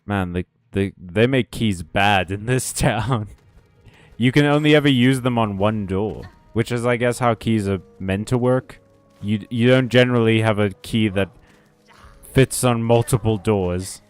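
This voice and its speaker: A man's voice: on the low side, unhurried, smooth, faint music behind. A man streaming a game, chatting casually with viewers, joking and swearing as he plays. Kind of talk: casual gameplay commentary.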